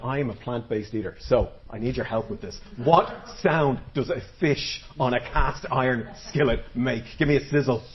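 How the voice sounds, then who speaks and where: A man's voice: mid-range voice, muffled recording, a little hiss or hum. A man telling a folktale live to an audience, dramatic and playful, drawing the crowd in. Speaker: storyteller. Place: live storytelling event before an audience.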